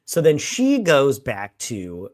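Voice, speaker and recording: A man chatting loosely about a film, slipping into mocking voices for the characters and swearing as he goes. His voice sits at an ordinary pitch and sounds dry and close. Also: wildly swooping pitch, takes it slowly, darkish tone, no room sound. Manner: retells scenes in mocking put-on voices, swears freely. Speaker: podcast co-host. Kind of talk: casual drunk movie review chat.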